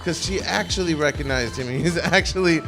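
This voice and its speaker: A man's voice: on the high side, moderate pace, music in the background. A man telling a rambling, self-mocking comic story on stage before a live audience.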